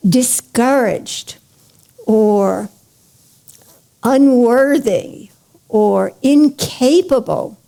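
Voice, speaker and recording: A woman spiritual teacher telling a parable in a slow, deliberate lecture, drawing out words and checking in with her listeners. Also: on the high side, vocal fry, warm tone. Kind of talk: storytelling lecture.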